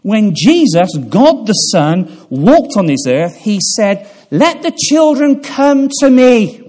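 A man preaching a sermon, earnest, sinking to a hush and then swelling with emphasis. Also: high voice, sing-song, takes it slowly. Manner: earnest, dramatic swells and hushed drops. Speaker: pastor.

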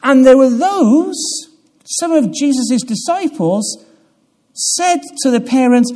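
Earnest preacher with hushed drops and swells. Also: male voice, very high-pitched, animated, slow. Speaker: pastor. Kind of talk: sermon.

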